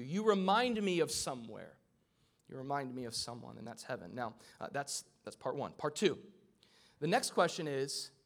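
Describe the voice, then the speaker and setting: A man preaching a sermon to a live congregation in a church, in a conversational style with joking asides. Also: fairly high pitch. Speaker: pastor.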